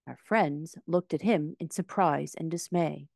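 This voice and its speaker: A woman narrating a children's classic aloud in an expressive read-aloud style. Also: low-pitched, measured pace, creaky, hardly any pauses, no room sound, studio quality. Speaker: audiobook reader.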